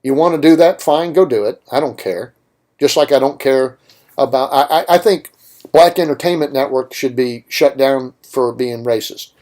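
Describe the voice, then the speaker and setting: A man at mid pitch holds forth on talk radio. He speaks emphatically and with firm opinions, and he drives his points home with rhetorical questions. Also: moderate pace, darkish tone. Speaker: radio show host. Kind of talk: political talk radio monologue.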